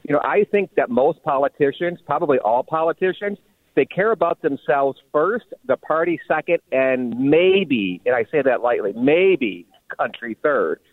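A man's voice: medium pitch, lively intonation, normal speed, no room sound. A man calling in to a radio show with casual, opinionated comments over a phone line. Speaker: radio caller. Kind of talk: call-in comment.

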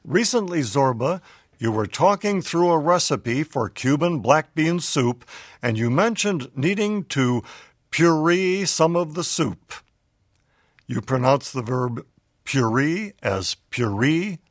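A man's voice: on the high side, lively intonation, slow pace, dry recording, studio quality. A man hosting a public radio health show, upbeat and laughing as he reads listener letters aloud.

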